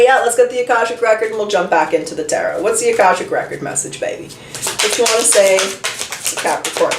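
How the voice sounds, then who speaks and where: A woman giving a casual tarot reading, chatty and candid, thinking aloud as she draws each card. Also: mid-range voice. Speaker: tarot reader. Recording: roomy, distant from the mic, faint noise.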